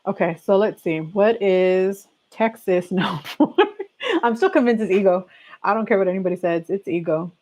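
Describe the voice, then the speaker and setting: A woman's voice: mid-range voice, normal speed, darkish tone. Chatty, opinionated woman in casual chat. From California. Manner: chatty and opinionated, laughs often, talks to her viewers. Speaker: livestream host. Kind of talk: casual chat, reading aloud and reacting.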